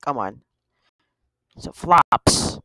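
A woman giving casual gameplay commentary, excitable, yelping and exclaiming at the game with lots of slang. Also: very slow, no echo, rough recording. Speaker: gameplay streamer.

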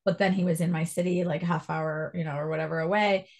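A Canadian woman in her thirties, a guest telling her life story in an interview, animated and quoting people with lively jumps in her voice. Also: fairly low pitch, fast, gravelly.

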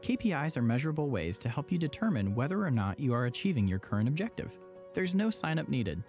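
Persuasive upbeat male presenter, lively intonation, faint music bed. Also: medium pitch, fast talker. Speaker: church promo presenter. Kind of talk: scripted explainer dialogue.

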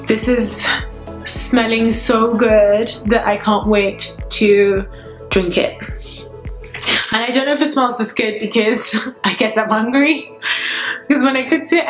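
Slightly breathless chatty woman vlogging. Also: medium pitch. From Nigeria. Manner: chatty and excitable. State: a bit out of breath. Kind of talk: casual vlog to camera. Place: her apartment. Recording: roomy echo with faint music.

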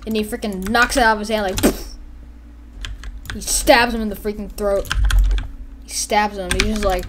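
A woman giving casual, rambling gameplay commentary as a YouTuber, excitable and quick to act out characters and sound effects. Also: medium pitch, background noise. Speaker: gaming YouTuber.

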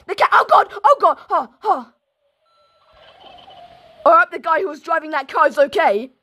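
A woman giving goofy, excitable gameplay commentary, shouting now and then, with a sore throat. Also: very high-pitched, normal speed. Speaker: gaming video creator.

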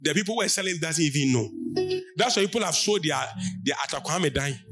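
A Ghanaian man preaching a sermon as pastor, shouting out lines and calling on the congregation to answer. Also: on the high side, lively intonation, brisk, over music.

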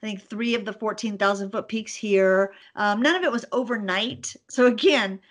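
A middle-aged woman guest on a podcast, telling personal stories in a casual, animated way and laughing often. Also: medium pitch, normal speed. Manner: animated storyteller, laughs often, acts out her own thoughts. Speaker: podcast guest, business owner. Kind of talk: casual interview.

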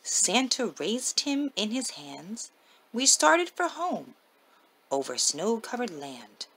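A mother reading a rhyming children's picture book aloud in a slow, sing-song manner. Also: on the high side, big pitch swings, a bit bright, husky, low-quality recording.

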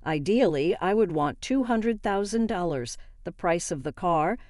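A stern, imposing man, as a female narrator voices him speaks sharply in a commanding way. The voice sits slightly low. It is recorded dry and close, with no room around it. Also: animated, unhurried, darkish tone, no echo.

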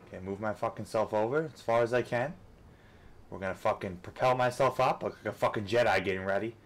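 A man commentating a rage-inducing game, swearing constantly and switching between frustrated outbursts and coaching himself to calm down. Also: lowish voice, brisk. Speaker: gamer. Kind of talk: let's play commentary.

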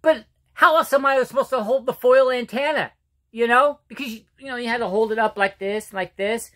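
A middle-aged man telling joking stories about himself in a casual vlog monologue, halting and restarting, and laughing at his own jokes. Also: very high-pitched, bright, forceful tone. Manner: halting, with restarts and repeated words. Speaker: vlogger.

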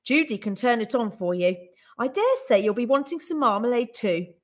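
A woman voicing a brisk, fierce-seeming older housekeeper in a storybook reading. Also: on the high side, expressive, lightly acted.

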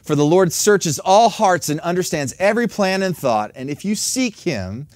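A man's voice: sits high, animated, moderate pace, no room sound. A man preaching a sermon as a pastor, earnest and direct, asking the congregation rhetorical questions.

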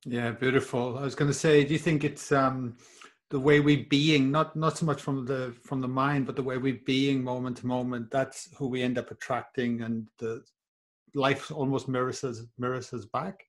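A man's voice: mid-range voice, level tone. Aussie guy host, casual chat, lots of yeah beautiful, mid voice. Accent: Australian. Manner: warm affirming, halting questions. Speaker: podcast host.

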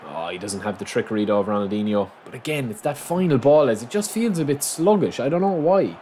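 A man giving excitable live commentary on his own football video game, reacting aloud and calling his viewers lads. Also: medium pitch, brisk. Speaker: gaming channel host. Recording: noisy game sound mix.

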